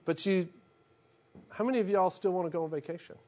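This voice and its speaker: A middle-aged man gives a conversational, joking sermon in a fairly high voice. He tells it like a story and acts out little scenes as he goes. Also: brisk. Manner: humorous, animated storytelling with acted-out asides. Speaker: pastor.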